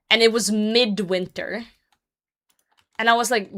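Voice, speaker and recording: A woman's voice: mid-range voice, steady tone, unhurried, fairly bright tone. A young woman streamer chatting casually while she plays, swearing and laughing often. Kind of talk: casual chat while gaming.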